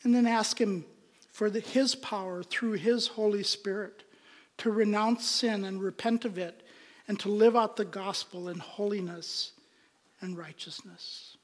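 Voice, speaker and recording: Male pastor, slow and deliberate sermon delivery, earnest with whispered emphasis, long reverb of a church hall. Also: high voice, fairly even intonation.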